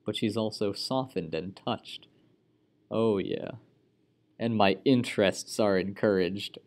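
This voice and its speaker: A man's voice: on the low side, slow, a little mellow. A man giving casual let's-play commentary as he plays, chatty and full of sudden exclamations. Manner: exclaims often, chatty running reactions. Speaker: gaming channel host.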